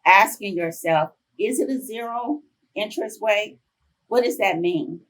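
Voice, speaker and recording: A woman in her fifties, a professor giving a conference talk, telling chatty, animated personal stories to the audience. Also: medium pitch, unhurried, recorded from a distance, poor audio. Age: 50s. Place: conference room.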